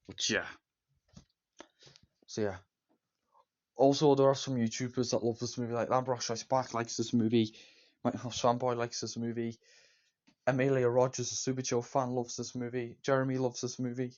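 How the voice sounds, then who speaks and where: A man giving a casual, rambling movie review, enthusiastic and repetitive, with many fillers and restarts. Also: medium pitch. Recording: dull lo-fi recording.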